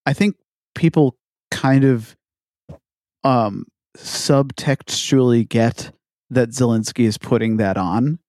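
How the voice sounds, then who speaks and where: A man's voice: mid-range voice, takes it slowly, a little mellow, no room sound, studio quality. A man co-hosting a casual chat podcast, rambling and profane with lots of hesitation. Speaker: podcast co-host.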